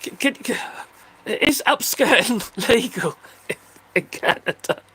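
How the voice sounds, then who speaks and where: A man's voice: extremely high pitch, animated, slow, bright, forceful tone, breathy edge. An older man casually chatting on a livestream, rambling and joking as he answers viewer comments. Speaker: livestream host reading chat. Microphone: phone.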